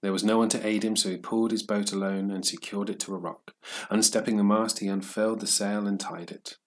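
A man reading a story aloud in a steady, measured narration for English learners. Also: on the low side.

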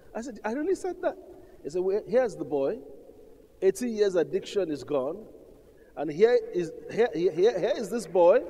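A man's voice: high-pitched, a little mellow. A man preaching a sermon as pastor, emphatic and calling out to the congregation. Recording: long hall reverb.

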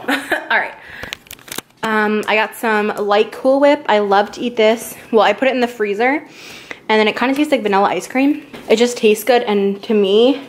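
A woman's voice: a little high, a little hiss or hum. A young woman vlogging casually to camera from her car and home, talking in a chatty way full of "like" fillers. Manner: chatty, filler-heavy, many "like"s. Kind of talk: casual vlog chat to camera. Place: inside a car, then at home.

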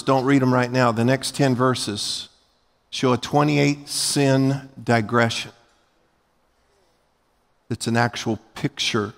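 A man preaching a sermon as pastor, moving from calm teaching to loud, fervent preaching. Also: fairly high pitch, in a large hall. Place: church sanctuary.

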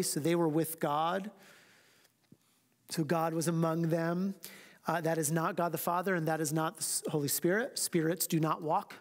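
High-voiced pastor in a reverberant church. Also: male voice. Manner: reads scripture slowly and emphatically, then talks quickly and casually. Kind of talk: teaching a church Bible class.

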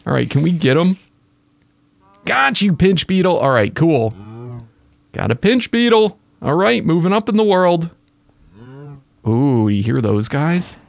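Excitable male gamer, slightly high voice, dry recording. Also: unhurried, gravelly, long pauses, no echo. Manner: excitable, exclaims at creatures. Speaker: let's play gamer. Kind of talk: casual gaming commentary.

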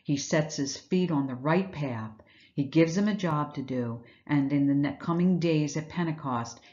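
A woman's voice: deep voice, darkish tone, muffled recording. A woman giving an earnest, reflective Easter devotional message, retelling scripture and asking rhetorical questions. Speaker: Bible teacher.

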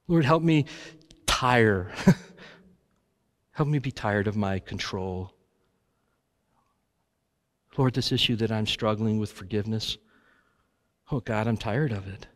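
A man leading a congregation in an earnest, halting spoken prayer in church. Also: on the low side. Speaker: guest preacher leading prayer. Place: church sanctuary.

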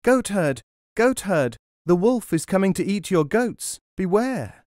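Tiny clever boy, played by a male reader: high, shrill, loud calls, dry close sound. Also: very slow, clear, resonant tone, no echo. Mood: calling out. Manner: high calling voice.

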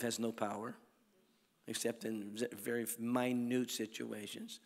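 A man preaching at a healing crusade, telling stories and swinging between loud calls to the crowd and hushed lines. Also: mid-range voice, little pitch movement, a little slow, vocal fry. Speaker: evangelist preacher. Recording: long hall reverb.

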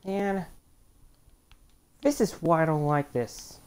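A woman with a fairly low voice gives casual let's play commentary. She grumbles in exasperation at the game and breaks into sudden outbursts now and then. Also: animated, slow, a little mellow, smooth.

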